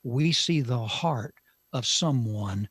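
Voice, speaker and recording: Slow, emphatic male Bible teacher. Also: medium pitch, lively intonation, husky, no echo. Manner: slow, emphatic, with dramatic pauses and shifts in loudness. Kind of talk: Bible teaching on a talk show.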